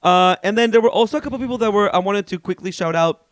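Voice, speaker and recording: A man co-hosting a podcast, telling stories and shouting out listeners in gossipy, animated casual chat. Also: high-pitched, fast talker, dry recording, clean studio sound. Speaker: podcast co-host.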